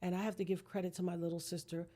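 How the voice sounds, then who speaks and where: Earnest woman, mellow and low. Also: flat delivery, very fast. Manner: earnest, emphatic, preacher-like. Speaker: podcast guest. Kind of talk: heartfelt personal conversation.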